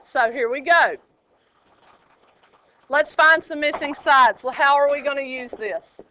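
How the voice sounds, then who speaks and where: A woman teaching a high school math class, chatty and joking, quizzing her students as she goes. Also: unhurried, sharp tone, a little hiss or hum, rough recording. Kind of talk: classroom lecture.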